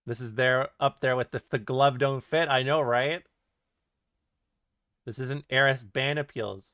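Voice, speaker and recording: A man's voice: mid-range voice, fairly even intonation, a little slow, sharp tone, clean tone, no room sound, clean studio sound. A man streaming live, reading his chat aloud and joking around with plenty of swearing and laughter. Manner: joking and profane, often laughing. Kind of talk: casual livestream chat reading.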